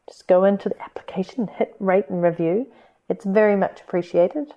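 A woman's voice: medium pitch, fairly quick, dark tone, dull audio. Upbeat New Zealand woman hosting a podcast. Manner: upbeat and chatty. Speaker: podcast host. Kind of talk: solo podcast monologue.

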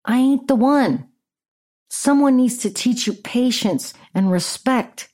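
A woman's voice: on the high side, takes it slowly, darkish tone. A middle-aged woman hosting a podcast, telling a story in a blunt, sarcastic, profane rant. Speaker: podcast host.

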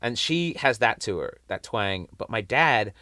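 Animated British-accented man. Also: on the low side, measured pace, no room sound. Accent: British, from near London. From England. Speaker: comedian guest. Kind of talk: casual podcast chat.

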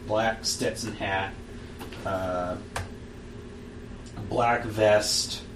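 GM type, lowish man, halting delivery full of ums, far off in an echoey room. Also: steady tone. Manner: halting, many fillers and restarts. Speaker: game master. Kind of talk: narrating a tabletop game. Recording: distant mic in an echoey room with background noise.

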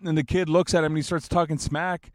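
A man in his thirties tells a story in a loose, animated, rambling way. His voice sits a little high for a man, and he swears freely and chuckles at his own lines. The recording is dry, with no room sound. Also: a little fast, dry recording. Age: 30s. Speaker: basketball fan telling a story. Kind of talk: casual storytelling.

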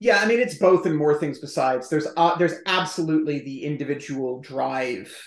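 A man speaking as a historian guest on a podcast, explaining at length in a chatty, emphatic way with quick asides. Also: fairly high pitch, roomy sound. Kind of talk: conversational podcast interview.

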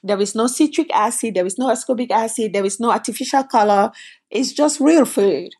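A woman's voice: on the high side, brisk, darkish tone, breathy edge. A middle-aged woman from Cameroon, a company founder telling her story in an interview and acting out the voices of people she quotes. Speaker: guest, food company founder.

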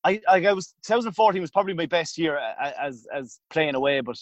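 A man's voice: fairly high pitch, lively intonation, quick pace, dry recording, dull audio. A man with an Irish accent, a former goalkeeper, telling long anecdotes in a casual interview with many restarts. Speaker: former hurling goalkeeper guest.

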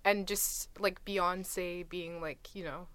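A young woman talking casually as a guest, retelling stories in a chatty, animated way. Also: on the low side, slow. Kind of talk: casual conversation.

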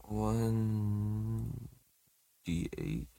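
A man in a relaxed manner, narrating a tabletop game as game master and laughing along. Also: lowish voice, very slow, gravelly. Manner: laid-back, laughing through narration.

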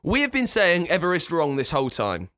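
A man's voice: a little high, a little fast, music in the background. Casual guy chatting on a podcast, teasing, voice jumps up and down. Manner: animated, teasing. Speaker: podcast co-host. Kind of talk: casual banter.

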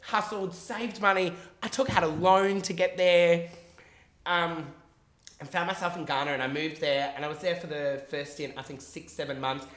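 A bright-toned man tells a story in a loose, animated way, swearing freely and acting out what people said. The recording has a roomy echo, like an untreated room. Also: on the high side, moderate pace. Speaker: guest telling a story. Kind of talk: casual storytelling on a podcast.

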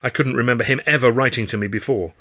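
A man narrating his own novel in the first person, in a wry, measured storytelling manner. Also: medium pitch, sharp tone. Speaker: author reading his novel.

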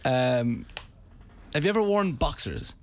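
Playful Irish radio host, lively pitch. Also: male voice, measured pace, background noise. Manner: playful, jokey, with sudden bursts. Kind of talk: casual chat.

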